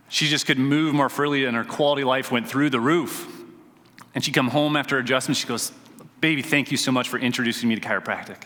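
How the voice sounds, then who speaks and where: A man's voice: medium pitch, bright, forceful tone. A man giving a motivational conference talk as a chiropractor, telling stories with self-deprecating humor and asking the audience questions. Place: conference stage before a live audience. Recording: reverberant event hall.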